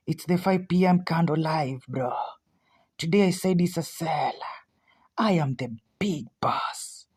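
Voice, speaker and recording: A Kenyan woman giving anxious, excitable live commentary as she trades, repeating herself often. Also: low-pitched, husky. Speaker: forex trader streaming live.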